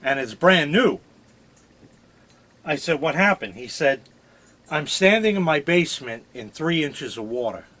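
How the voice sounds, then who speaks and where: Excitable man telling a story, swearing. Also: on the high side, normal speed. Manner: profane, animated storytelling that grows excited. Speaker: vlogger. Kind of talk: casual storytelling monologue.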